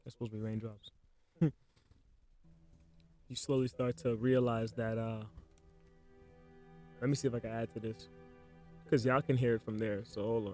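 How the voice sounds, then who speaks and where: A man hosts a casual solo podcast, spinning an improvised spooky story into his microphone in slangy, joking, playful bursts. His voice is medium-pitched and dark in tone.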